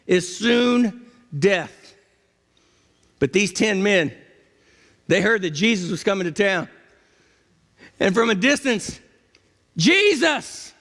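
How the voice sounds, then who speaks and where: A man preaching a sermon as pastor, dramatic, swinging from low murmurs up to high cries. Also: a bit bright. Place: church sanctuary. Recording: long church reverb.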